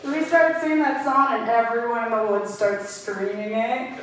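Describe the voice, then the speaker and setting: Woman telling dark jokes in an echoey room. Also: fairly high pitch, normal speed. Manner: dark deadpan jokes, often breaking into laughter. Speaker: stand-up comedian. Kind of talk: stand-up storytelling. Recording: very echoey, distant mic, faint noise.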